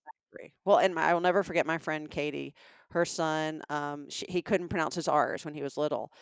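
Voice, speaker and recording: A woman's voice: deep voice, fairly even intonation, a little fast, gravelly, clear, resonant tone, no room sound, studio quality. Chatty Southern woman co-hosting a podcast. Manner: chatty storyteller, trails off with ums. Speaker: podcast co-host. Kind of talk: casual comedic chat.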